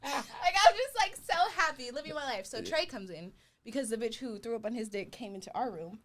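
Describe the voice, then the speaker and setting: A woman's voice: a little high, fairly quick. A young woman telling a story in casual chat, laughing often and acting out what others said. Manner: animated, laughing often, acting out quoted voices.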